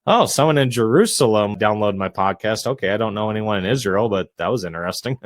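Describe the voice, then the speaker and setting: A man who is a real estate investor and realtor, a guest on a casual podcast interview, talking in a measured, introverted way with frequent filler phrases. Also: fairly low pitch, animated, no echo. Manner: measured, self-described introvert, frequent "you know" fillers. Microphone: podcast microphone.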